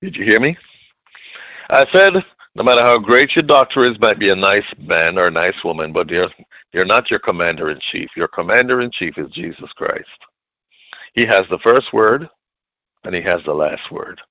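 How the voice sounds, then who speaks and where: A man preaching a sermon emphatically, swinging from loud outbursts to low, hushed lines. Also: normal speed, no room sound, lo-fi sound.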